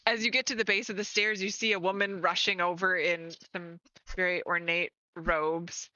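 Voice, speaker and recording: A woman's voice: fairly low pitch, flat delivery, moderate pace, bright, forceful tone, dry recording. A woman narrating as game master in a tabletop game, laughing often, with slightly muffled, dry stream audio.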